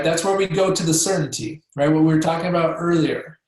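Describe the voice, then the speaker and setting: A man's voice: on the high side, fairly even intonation, brisk, few pauses, a little mellow, very echoey, rough recording. A man leading a training workshop, talking casually with many fillers and acting out the voices of patients and doctors.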